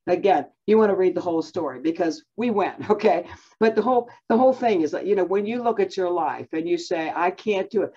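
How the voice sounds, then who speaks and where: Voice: medium pitch, lively intonation, brisk, mellow, breathy edge, dull audio. A Bible teacher giving a conversational lesson, talking in a chatty way with many fillers and self-restarts.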